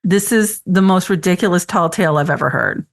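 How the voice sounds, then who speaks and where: A woman on a podcast panel, telling in an animated, incredulous way how she first reacted. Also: fairly low pitch, brisk, creaky. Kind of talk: casual podcast chat.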